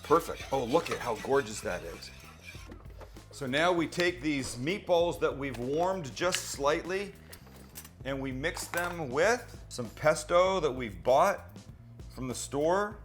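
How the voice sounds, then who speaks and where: Faint music sits behind a middle-aged man whose fairly bright, high-leaning voice is animated yet slow. He hosts a casual cooking demonstration in his home kitchen under low ceilings, chatty and teasing, answering his own questions, with a handheld mic at times held close.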